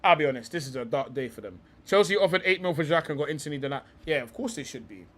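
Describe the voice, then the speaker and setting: A man's voice: fairly high pitch, animated, quick pace, fairly bright tone. A young man hosting a live stream, talking football in a rambling, heated way, swearing often and calling people bro.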